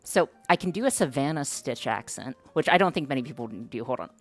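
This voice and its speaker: A woman with a remarkably low voice chats casually with her stream audience. She talks hesitantly and self-consciously, with frequent fillers and restarts, while faint music plays underneath. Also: expressive, quick pace. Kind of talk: casual live-stream chat.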